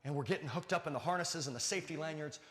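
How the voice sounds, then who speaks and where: A man's voice: on the high side, rapid-fire. Male pastor, storytelling sermon, earnest, echoey church hall. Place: church auditorium.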